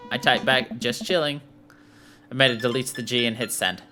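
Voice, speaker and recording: Bright-voiced man narrating a game. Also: medium pitch, fairly quick, soft background music. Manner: playful, jokey narration. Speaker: gaming YouTuber. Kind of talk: reading a dating-sim game aloud.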